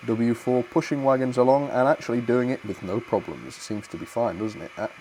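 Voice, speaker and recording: A man's voice: mid-range voice, brisk, darkish tone, a little hiss or hum. A young man hosting a model railway live stream, chatting cheerfully and thanking viewers, with fillers and little laughs. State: a bit out of breath.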